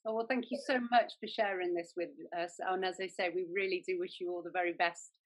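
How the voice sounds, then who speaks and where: Lower-voiced woman host thanking a guest. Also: fairly even intonation, fast. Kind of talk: casual conversation.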